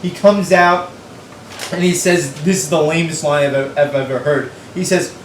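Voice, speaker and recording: A man's voice: on the high side, steady tone, normal speed, echoey room, recorded from a distance, slight background noise, low-quality recording. A young man giving a profane, exasperated, sarcastic recap of a wrestling show.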